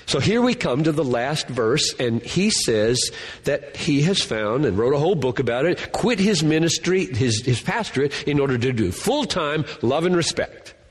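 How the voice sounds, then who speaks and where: A man's voice: on the high side, big pitch swings, moderate pace, breathy edge, big-room sound. A man giving a Bible lecture to a class, thinking aloud and earnestly repeating key words. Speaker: Bible teacher.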